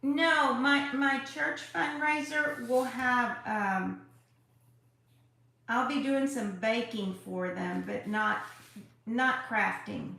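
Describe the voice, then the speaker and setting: A woman's voice: on the high side, takes it slowly, vocal fry, bright, forceful tone. A woman hosting a live crafting tutorial, chatty and effusive as she greets viewers by name. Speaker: craft livestream host. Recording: very echoey room.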